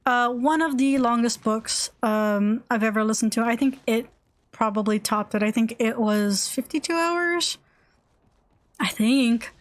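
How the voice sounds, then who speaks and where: A woman's voice: on the high side, a little slow. A young woman streamer talks casually while she plays, rambling and gushing, with plenty of fillers and restarts. Her voice sits a little above average. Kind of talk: casual chat while gaming.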